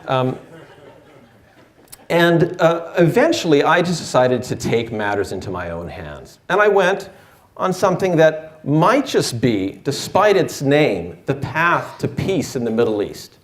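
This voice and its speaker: A man's voice: fairly high pitch, big pitch swings, unhurried. Wry man telling a story in an echoey room. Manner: wry, self-deprecating delivery. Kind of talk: live personal storytelling.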